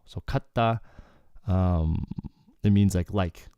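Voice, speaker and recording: Male Korean tutor, deep and warm, laid-back explainer who keeps saying "okay". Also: a little slow, clear, resonant tone, dry recording, dull audio. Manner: relaxed, explanatory, frequent "okay" and "like". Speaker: Korean language teacher. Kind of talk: casual lyrics breakdown lesson.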